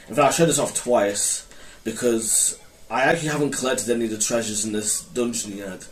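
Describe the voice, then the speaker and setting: A man hosting his own gaming channel, rambling and correcting himself as he comments on his play. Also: mid-range voice. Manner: rambling, hesitant, self-correcting. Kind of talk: casual gameplay commentary. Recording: roomy, mic held far off with faint noise.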